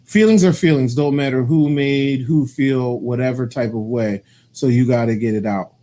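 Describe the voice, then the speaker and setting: A man co-hosting a casual couple's talk show, arguing his side with animated, teasing energy and acting out what others say. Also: medium pitch, moderate pace. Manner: animated, argumentative and teasing, quoting people in changed voices. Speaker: co-host.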